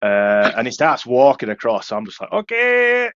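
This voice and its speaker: A man's voice: on the low side, a little fast, no echo, dull audio. Yorkshire man telling a swearing-laced story. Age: young adult. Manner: swears freely, lively anecdotes. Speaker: podcast co-host. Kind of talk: casual storytelling chat.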